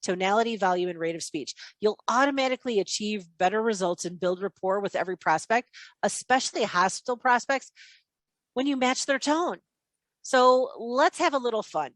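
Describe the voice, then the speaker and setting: A woman leading a live online sales training session, in an energetic and chatty teaching manner over a video call. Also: medium pitch, moderate pace, no echo.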